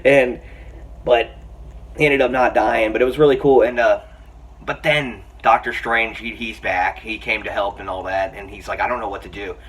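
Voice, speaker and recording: A man giving a casual, excited film review, chatty and full of fillers, often laughing. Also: lowish voice, normal speed, husky. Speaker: movie reviewer. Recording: voice a bit far from the mic, faint background noise.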